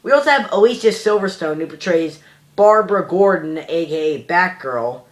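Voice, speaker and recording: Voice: mid-range voice, animated, moderate pace. Young vlogger ranting a movie review, rambly, you-know every other line, fed up. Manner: rambling, heavy with "you know" fillers, exasperated.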